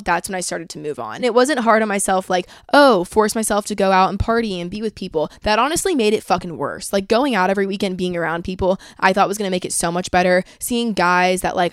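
A woman's voice: medium pitch, clear, resonant tone, no echo, studio quality. A young woman hosting a podcast from home, giving candid, casual advice in a blunt way and swearing often. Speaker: podcast host.

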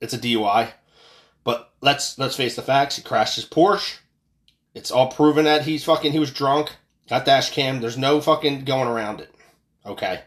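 A man's voice: medium pitch, moderate pace, fairly bright tone. A man hosting a casual podcast, ranting about politics in a profane, angry way, with sarcastic outbursts and repeated words when worked up. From United States. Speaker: podcast host.

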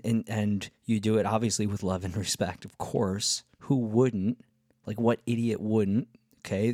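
A man's voice: fairly low pitch, creaky, mellow, no echo, clean studio sound. A man telling a travel story in a casual, rambling way, full of fillers and cheerful swearing. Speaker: travel vlogger.

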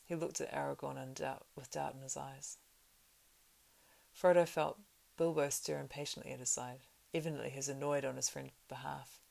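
A woman narrating a novel aloud in a steady, plain way, with small slips. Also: extremely low pitch, moderate pace, vocal fry.

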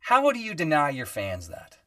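A man's voice: on the high side, normal speed, dry recording. Guy on a podcast, chatty storyteller doing little voices, sounds dry and a bit far from the mic. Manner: animated storyteller, acts out quoted voices, many fillers. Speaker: guest musician.

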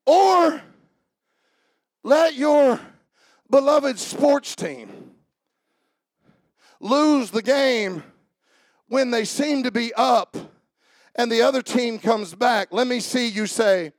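A man preaching a sermon as pastor, building up to shouting and dropping into mock-calm voices for jokes. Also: very high voice, very slow, pauses often, no room sound.

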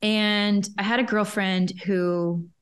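A woman who coaches entrepreneurs, a guest telling a personal story in an interview, chatty and lively, often acting out her own past thoughts. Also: medium pitch, slow pace, clear, resonant tone. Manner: lively, self-quoting, chatty with frequent "like".

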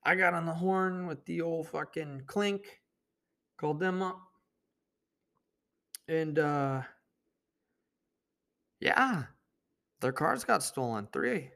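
Gravelly, profane young man telling stories. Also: a little high, lively intonation, takes it slowly, long pauses, fairly bright tone. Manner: rambling, profane, laid-back. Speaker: podcast host. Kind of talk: casual storytelling monologue.

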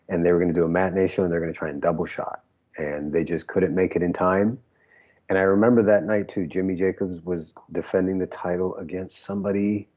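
Male guest, deep and husky, easygoing storyteller; muffled lo-fi sound. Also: mellow. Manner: laid-back storyteller, laughs often. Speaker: former pro wrestler guest. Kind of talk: casual interview recollection.

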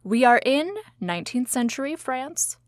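A woman co-hosting a casual comedic podcast, wry and sarcastic, with deadpan asides. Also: sits high, normal speed, no echo, clean studio sound. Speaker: podcast co-host.

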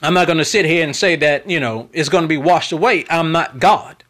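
A man's voice: on the high side, fairly quick, fairly bright tone. A man hosting his own podcast, talking in an unfiltered, preachy monologue that repeats itself as he testifies about faith and pleads with listeners for support. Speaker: podcast host.

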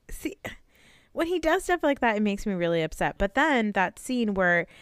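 Smooth-voiced woman in casual movie chat. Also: mid-range voice, measured pace, no echo, clean studio sound. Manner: blunt, animated, swears and laughs often. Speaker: podcast co-host.

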